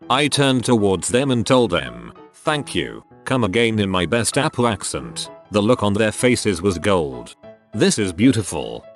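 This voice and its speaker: A man with a lowish voice reads online stories aloud in a lively storytelling way, his pitch rising and falling a good deal. Soft music plays quietly behind him. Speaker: narrator.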